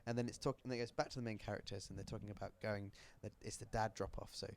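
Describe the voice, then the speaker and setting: A man's voice: lowish voice, steady tone, racing, a little hiss or hum. A British man in his thirties telling a story in casual podcast chat, emotional and full of restarts. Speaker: guest host.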